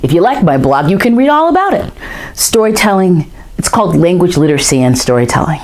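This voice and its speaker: A woman storyteller in her fifties whose pitch leaps and dips as she speaks. She is expressive and playful, and now and then she sinks into a hushed whisper to draw listeners in. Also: brisk. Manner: expressive, animated, drops to whispers for effect. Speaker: professional storyteller. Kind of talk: storytelling show and promo talk.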